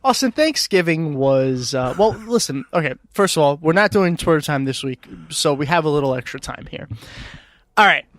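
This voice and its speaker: Young male podcast co-host, slightly higher voice, dry close mic, lively storyteller who laughs and swears a lot. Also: moderate pace, no room sound. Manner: animated storyteller, laughs often, swears freely. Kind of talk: casual chat.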